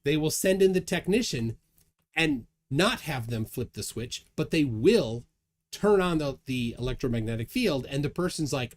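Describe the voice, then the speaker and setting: Animated man hosting a livestream chat. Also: on the high side, moderate pace. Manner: lively, chuckling, reads chat aloud. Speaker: livestream host. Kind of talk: casual livestream chat reading viewer comments.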